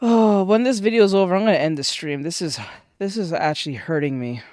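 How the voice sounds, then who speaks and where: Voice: mid-range voice, a little fast, a little mellow, dry recording, clean studio sound. A streamer reacting live to video clips, exclaiming in disbelief. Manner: incredulous, exclaiming.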